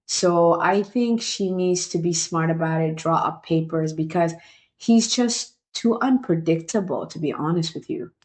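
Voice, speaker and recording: Animated, opinionated woman recapping reality TV. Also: on the low side, unhurried. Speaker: reality show recap host. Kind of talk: casual review vlog.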